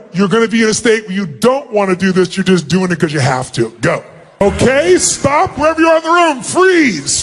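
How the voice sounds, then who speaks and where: A man's voice: high voice, breathy edge. A man giving a live motivational seminar to a large crowd, commanding the audience and calling for their responses. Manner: acts out quick mock greetings. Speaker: motivational speaker. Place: large auditorium.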